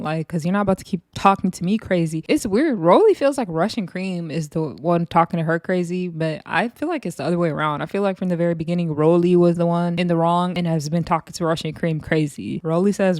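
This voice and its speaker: A woman's voice: on the low side, a little fast, a little mellow, no echo, clean studio sound. A woman giving casual, laughing commentary on a reality show, acting out quotes in between. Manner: laughing, chatty, acts out quotes. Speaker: reality show recap host.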